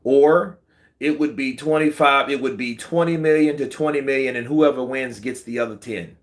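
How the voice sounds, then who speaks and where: A man hosting casual boxing commentary, slangy and animated, answering viewer comments. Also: medium pitch, normal speed. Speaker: boxing channel host.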